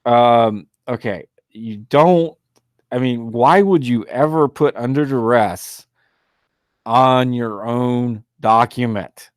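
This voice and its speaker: A man's voice: medium pitch, slow pace, no echo, studio quality. A man hosting a talk show in a loose, rambling monologue, often laughing and sounding exasperated and mocking. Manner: loose and rambling, with many fillers. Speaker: talk radio host. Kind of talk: casual monologue.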